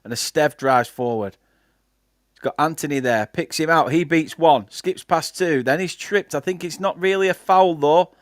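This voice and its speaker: A man's voice: a little high, normal speed, no echo, clean studio sound. A young man from England with a Lancashire accent, hosting a live football watchalong, calling the play and chatting with viewers. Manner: chatty, reads out viewer comments between play-by-play. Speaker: fan channel host doing live match commentary. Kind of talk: casual live watchalong commentary.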